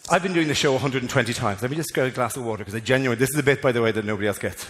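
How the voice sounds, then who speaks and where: An Irish man doing a stand-up comedy routine in a theatre, animated and loud, breaking into mock voices and singing. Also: medium pitch, rapid-fire, long reverb tail, a little hiss or hum. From Ireland. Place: large theatre before a live audience.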